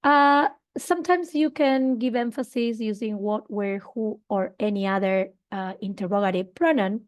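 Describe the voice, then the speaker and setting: A woman's voice: mid-range voice, moderate pace. A woman teaching an online English grammar lesson, explaining patiently with fillers and check-ins, a Spanish speaker teaching in English.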